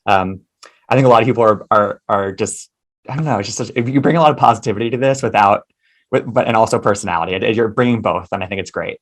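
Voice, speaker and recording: A man hosting an interview podcast, warm in his praise, eager, and often restarting his sentences. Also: fairly low pitch, fast. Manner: enthusiastic, stumbling restarts.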